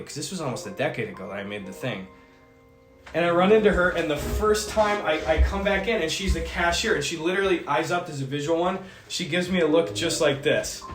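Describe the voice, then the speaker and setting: Chatty man streamer in a roomy room. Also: a little high. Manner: rambling, animated storytelling with quoted voices. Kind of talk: casual chat.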